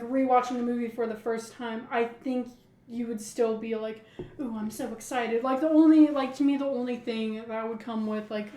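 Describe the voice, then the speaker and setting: A woman with a fairly high voice chats casually as a podcast co-host. She rambles and fills her speech with "like". The sound is echoey, as if recorded in a bare room. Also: a little mellow. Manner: rambling, heavy use of "like". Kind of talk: casual chat.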